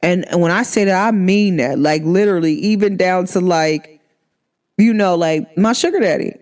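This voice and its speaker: A woman's voice: fairly low pitch, normal speed, a little mellow. A woman talking candidly to her viewers in a casual vlog chat, emphatic and full of slang. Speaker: vlogger.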